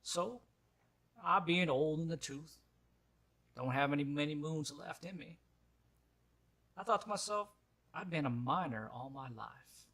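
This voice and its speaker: A man's voice: on the high side, a little slow, pauses often, fairly bright tone. A man putting on a courtly old miner. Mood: earnest. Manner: formal, old-fashioned politeness. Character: elderly balding bearded male miner, courtly and polite.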